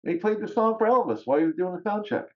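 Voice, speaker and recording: A podcast guest telling personal stories in casual talk, animated and often laughing. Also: male voice, high-pitched, rapid-fire, lo-fi sound. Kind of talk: casual storytelling.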